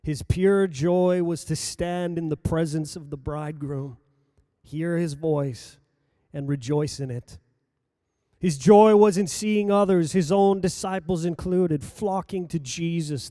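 A man preaching a sermon, reading scripture aloud in a slow, measured delivery that rises for emphasis and drops low at the ends of phrases. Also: dark tone, dry recording, clean studio sound.

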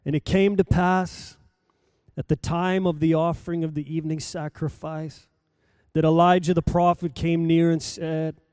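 A pastor welcoming his church and reading a Bible passage aloud, his voice rising for the calls and dropping low between them. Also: dark tone, clear, resonant tone, no room sound, studio quality. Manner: dramatic reading, voice rising and falling with the story. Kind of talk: sermon scripture reading.

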